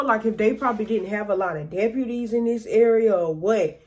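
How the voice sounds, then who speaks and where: A woman's voice: medium pitch, measured pace, long pauses, darkish tone. Rambling, profane woman telling a story. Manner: rambling, profane, filler-heavy. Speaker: storytime vlogger. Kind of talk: casual storytelling.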